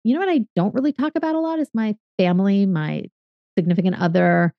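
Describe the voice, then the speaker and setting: A woman's voice: medium pitch, fast, vocal fry, dry recording, muffled recording. A woman in her fifties from California, a podcaster and consultant answering interview questions in a reflective, explanatory way with some fillers. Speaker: podcaster and strategic consultant, guest.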